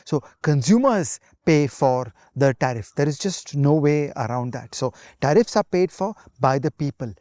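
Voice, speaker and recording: A man explains economics on a podcast in a measured, patient way. His voice sits fairly high for a man. The recording is dry and close. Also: animated, mellow, no echo. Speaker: podcast co-host. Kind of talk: casual economics discussion.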